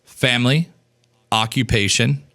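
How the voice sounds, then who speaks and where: A man in his thirties teaching business coaching in an energetic, casual way, acting out snippets of dialogue and swearing now and then. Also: measured pace. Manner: animated, acts out dialogue in a higher voice, casual swearing.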